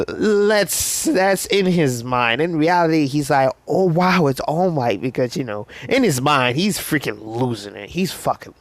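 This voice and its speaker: A man's voice: a little high, expressive, a little slow, hardly any pauses, no room sound. A man casually retelling a fan story, rambling with slang and lots of fillers.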